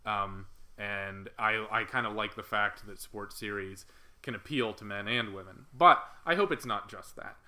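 A man's voice: lowish voice, normal speed, sharp tone. A man co-hosting a casual podcast chat, speaking thoughtfully with many hesitations and restarts. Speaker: podcast co-host.

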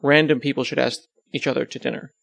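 A man talks through a relaxed podcast interview, teasing and self-deprecating as he rambles. His voice has a gravelly fry, and the recording is dry and close with no room sound. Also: medium pitch, fast, no room sound. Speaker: podcast host and web developer, as guest.

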